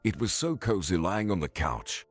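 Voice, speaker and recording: A man narrates a scripted story in a very deep voice that is a little husky. His pitch moves in a lively way through each sentence. Faint music runs underneath. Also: normal speed.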